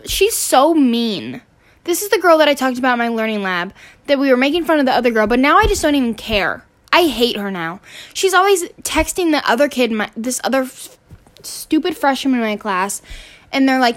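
A woman's voice: high voice, animated, fairly quick, fairly bright tone. A teenage girl ranting casually on her podcast, exasperated and swearing, rambling with restarts. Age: teens. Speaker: student podcaster.

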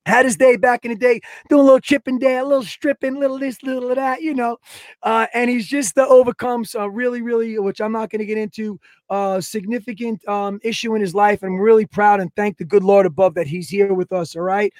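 A man's voice: high-pitched, brisk, no room sound. A man hosting a podcast, telling long, rambling stories and acting out the voices and sound effects of the people in them. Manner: animated, acts out quoted voices and sound effects. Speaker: podcast host. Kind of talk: casual podcast storytelling.

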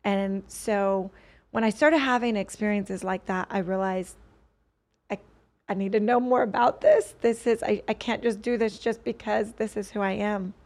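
An adult woman sits in as a podcast guest and tells a personal story in an earnest, winding way. She often breaks off and restarts her sentences. Her voice sits at an ordinary middle pitch. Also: fairly even intonation, normal speed, darkish tone. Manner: earnest, rambling, with many restarts.

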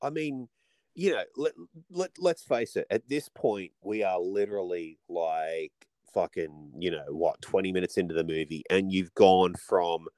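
A man co-hosting a casual podcast chat, rambling and swearing through animated stories. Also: low voice, measured pace, no echo. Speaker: podcast co-host.

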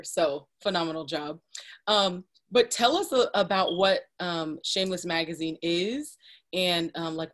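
A woman hosting a podcast interview, reacting to her guest and asking follow-up questions. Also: lowish voice. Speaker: podcast host. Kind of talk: interview chat.

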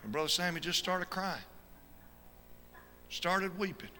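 A man preaching a fervent sermon as an evangelist, swinging from shouted peaks to quiet storytelling. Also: high-pitched, lively intonation, a little slow. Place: church sanctuary. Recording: reverberant church hall with faint noise.

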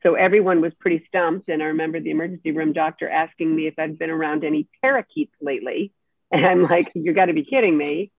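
A woman telling a personal story as an interview guest, animated and acting out the people she quotes. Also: low voice, fast talker, vocal fry, no room sound. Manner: animated, acts out quoted speech. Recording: tinny dry phone line.

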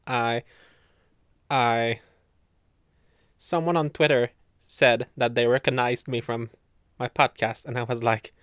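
A man's voice: mid-range voice, fairly even intonation, slow pace, pauses often, smooth, no echo, clean studio sound. A young man from Canada chatting on his podcast from bed, giggling often, rambling and swearing. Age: young adult. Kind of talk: casual solo chat.

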